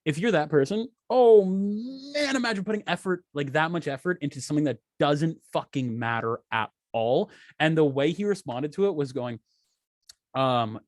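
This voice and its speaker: A man's voice: fairly high pitch, lively intonation, moderate pace, no echo, studio quality. A young man co-hosting a podcast, talking casually in a heated, profane, rambling way. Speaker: podcast co-host. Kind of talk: casual chat.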